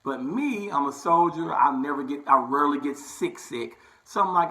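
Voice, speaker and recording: Here the barber-vlogger's voice sits fairly high, expressive and bright with a forceful tone at a moderate pace, though the audio is poor. Casual and chatty, the young man relates a personal story to his viewers, checking in with frequent "right?" and "okay?"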